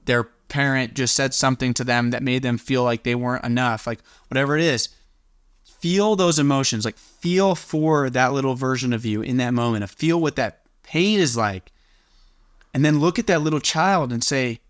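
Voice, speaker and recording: A man's voice: medium pitch, moderate pace, fairly bright tone, dry recording, clean studio sound. A young man coaching viewers on self-love in an earnest, motivational teaching style, often dropping in a casual "like". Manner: earnest and coaching, loose with filler "like". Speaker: confidence coach.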